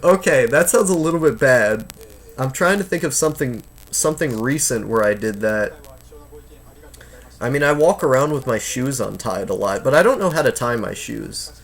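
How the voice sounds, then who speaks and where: A man's voice: medium pitch, lively intonation, normal speed, creaky. A man in his twenties chatting casually on a live stream from home, reading chat aloud and rambling with lots of fillers and restarts. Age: 20s.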